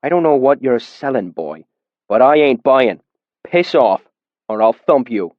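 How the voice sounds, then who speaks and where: Male reader as a surly bald bargeman, slow and menacing, dull dry audio. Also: medium pitch, lively intonation, dry recording, close to an everyday voice. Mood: hostile. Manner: slow, threatening and suspicious. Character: bald, hostile riverboat man.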